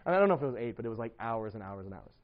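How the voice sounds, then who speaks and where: Animated man telling a sermon story. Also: mid-range voice, racing, narrow, tinny audio. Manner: animated storytelling, lots of fillers and laughter.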